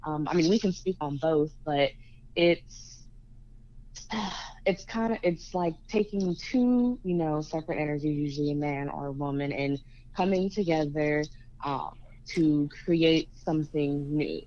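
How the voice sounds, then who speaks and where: Low-voiced woman guest on a muffled phone line. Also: unhurried, dark tone. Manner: laughs easily, explains thoughtfully. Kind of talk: casual conversation.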